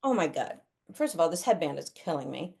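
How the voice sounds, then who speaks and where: A middle-aged woman talks through parenting ideas over a video call. She speaks casually and with plenty of life, and she often drops into quick impressions of children and parents as she explains. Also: deep voice, gravelly, husky. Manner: animated, acts out kids' and parents' voices. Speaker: guest parenting expert.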